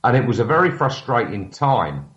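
A man's voice: medium pitch, big pitch swings, normal speed, a bit bright. A man, a radio show guest, talking earnestly over an internet call, hesitant with many restarts and fillers. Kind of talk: casual chat over a call. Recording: dull, muffled call line.

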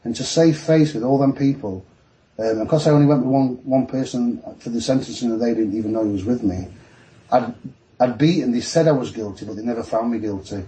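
Mellow-voiced man storytelling. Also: mid-range voice, fairly quick, poor audio. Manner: animated, mimics voices in retelling. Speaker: guest telling his story. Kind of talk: casual storytelling on a podcast.

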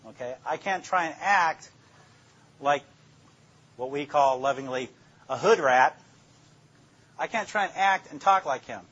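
Older male detective, husky, plainspoken storyteller; dull lo-fi room recording. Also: a little high, measured pace, pauses often, fairly bright tone. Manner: plainspoken, anecdotal, acts out interrogation lines. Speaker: police detective speaking to law students. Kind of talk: storytelling lecture.

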